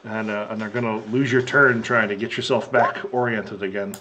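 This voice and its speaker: A man running a tabletop game as game master, narrating in a relaxed, chatty way. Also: fairly low pitch, normal speed, background noise.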